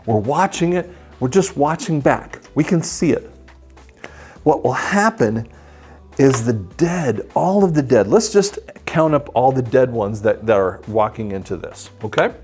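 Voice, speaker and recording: Male Bible teacher, sermon delivery, lively swooping pitch, husky tone, faint music underneath. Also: unhurried. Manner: animated, acts out quoted voices.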